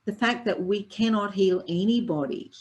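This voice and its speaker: An older woman, a Reiki teacher, tells her own story as an interview guest. She is lively and acts out the people she quotes. Her voice sits at an ordinary middle pitch for a woman. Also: normal speed.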